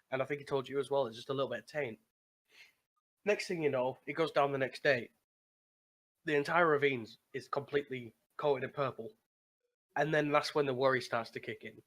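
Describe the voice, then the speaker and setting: A medium-pitched man with a fairly bright tone co-hosts a casual gaming podcast. He recaps a game server by telling a long story, often restarting and laughing.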